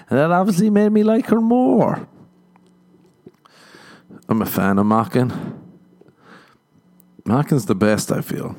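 A man's voice: fairly high pitch, sing-song, takes it slowly, pauses often, a little mellow. An Irish man hosting a podcast, telling a comedic monologue in a sardonic, self-mocking way and laughing often. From Ireland. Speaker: podcast host.

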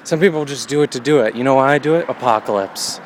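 A man's voice: medium pitch, fast talker, a little hiss or hum. Rambling, winded male comedian outdoors. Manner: wry, meandering, jokey asides. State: winded after a run. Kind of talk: rambling deadpan monologue. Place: outdoors by a road.

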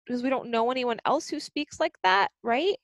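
A woman's voice: on the high side, animated, normal speed, dry recording. A woman co-hosting a casual chat about a show, opinionated and laughing often as she lists her points. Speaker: podcast co-host.

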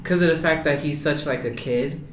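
A man's voice: fairly high pitch, brisk, crowd noise. A man in a casual chat, enthusiastic and rambling, with fillers. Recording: roomy echo.

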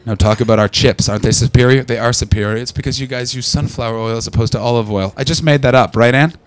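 Canadian male stand-up, crude and loud crowd work, club set. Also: medium pitch, steady tone, quick pace. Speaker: stand-up comedian. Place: comedy club.

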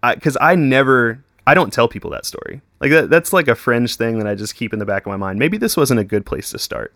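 A young man in his twenties tells stories in a loose, rambling chat, dropping curse words and filler words everywhere. His voice sits at an ordinary pitch and sounds close and dry, with no room sound around it. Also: animated, brisk, fairly bright tone, no echo. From Texas. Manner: swears constantly, says "like" and "dude" a lot. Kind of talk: casual chat.

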